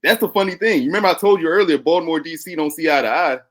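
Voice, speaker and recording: A man's voice: a little high, rapid-fire. A young man from Maryland with a Maryland accent, chatting bluntly and laughing often as a podcast guest. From Maryland, USA. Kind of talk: casual chat.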